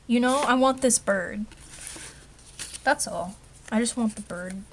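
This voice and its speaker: A woman's voice: a little high, a little slow, vocal fry, a little hiss or hum. A young woman rambling to herself in a casual craft vlog, chatty and self-mocking. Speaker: vlogger.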